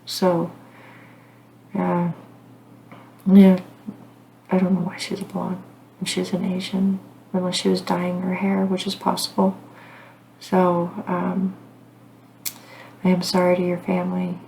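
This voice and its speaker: Gravelly low-voiced woman, rambling. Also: monotone, slow pace, pauses often, mellow, a little hiss or hum. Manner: rambling, earnest, with frequent fillers and apologies. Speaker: psychic medium channel host. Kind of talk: casual storytelling to camera.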